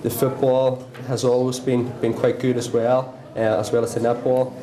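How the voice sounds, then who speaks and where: A man's voice: mid-range voice, little pitch movement, normal speed, warm tone. A male PE teacher, answering interview questions hesitantly with lots of ums and restarts. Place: busy school hall at an open night. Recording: echoey hall with crowd chatter.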